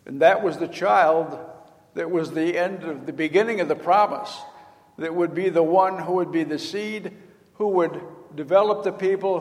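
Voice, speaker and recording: An older man preaching in a folksy, storytelling way, slipping into the voices of the people in his story. His voice sits a little higher than most men's. The sound carries a long reverb, as in a large hall. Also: gravelly. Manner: folksy storytelling, acting out quoted lines. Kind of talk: sermon.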